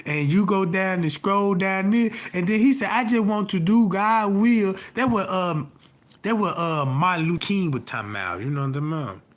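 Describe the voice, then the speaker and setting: A man's voice: sits high, normal speed. A man giving a rambling, profane comic monologue on a live stream, constantly asking "you know what I'm talking about".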